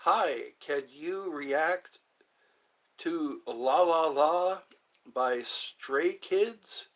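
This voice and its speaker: A man's voice: fairly high pitch, very slow, poor audio. A man live-streaming in a casual chat, reading viewer comments aloud and rambling playfully with frequent giggles.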